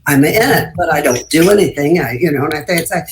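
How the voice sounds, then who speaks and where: A woman guest on a video-call panel recalling her career, halting and restarting her words. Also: sits low, a little hiss or hum. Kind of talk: reflective anecdote. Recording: roomy echo on a video call.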